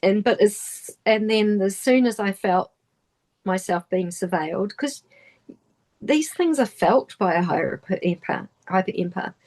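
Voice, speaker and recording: A middle-aged woman with a New Zealand accent, a podcast guest recounting a personal story in halting speech full of restarts and trailing phrases. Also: mid-range voice, a little mellow.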